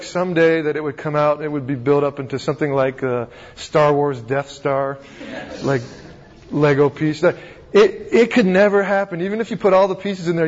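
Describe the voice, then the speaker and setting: Male pastor, higher-than-average voice, chatty sermon full of restarts and questions, dull lo-fi sound. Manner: conversational, asks rhetorical questions, frequent restarts. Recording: dull recording in a reverberant hall.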